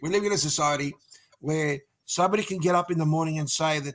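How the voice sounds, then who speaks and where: An Australian man with a bright, tense voice and a high pitch. He makes crude, sardonic remarks as a football podcast co-host. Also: fast talker.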